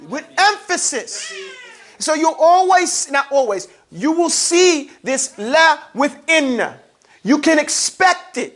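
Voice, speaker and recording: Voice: high-pitched, big pitch swings, slow, fairly bright tone. A teacher giving a classroom grammar lesson, drilling students with playful call-and-response questions. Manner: playful, teasing.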